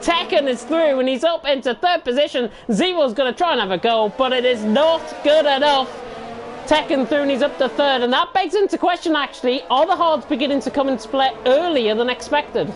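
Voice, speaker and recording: A man's voice: extremely high pitch, brisk, noisy background. A man commentating live on a sim racing league, enthusiastic colour commentary between the calls. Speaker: race commentator.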